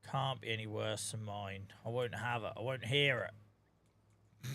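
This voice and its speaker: A man's voice: on the low side, a little slow, creaky, bright, forceful tone. A man with a Norfolk accent chatting casually to his viewers while he plays a game, swearing freely and greeting people by name. He sounds tired and sore. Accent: Norfolk English. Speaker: game streamer. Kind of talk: casual live-stream chat while playing.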